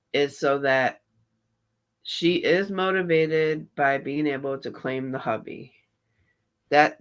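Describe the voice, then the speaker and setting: A man's voice: on the high side, a bit bright. A man doing live reaction commentary on a clip, mocking and sarcastic, greeting viewers in chat. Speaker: reaction streamer.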